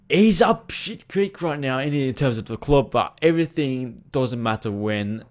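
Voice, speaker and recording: Sweary, rambling football fan vlogger, a man. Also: fairly low pitch. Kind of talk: casual rant to camera.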